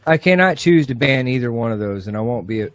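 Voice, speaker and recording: A man's voice: mid-range voice, animated, fast talker, a crowd in the background. Firm, insistent male stream guest. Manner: firm, insistent, talks over interruptions. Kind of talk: heated live debate.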